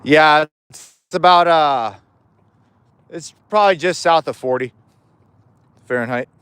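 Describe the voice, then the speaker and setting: A man's voice: a little high, measured pace, a bit bright, smooth, no echo. A man chatting casually on a livestream as he walks home outdoors, rambling, cracking jokes and swearing freely, recorded on a chest-mounted camera. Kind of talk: casual live chat. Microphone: chest-mounted POV camera.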